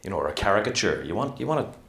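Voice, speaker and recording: Deep-voiced man in an echoey room. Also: rapid-fire, gravelly, slight background noise. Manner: animated, rambling, acts out quotes. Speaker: actor and interview guest. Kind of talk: casual interview talk.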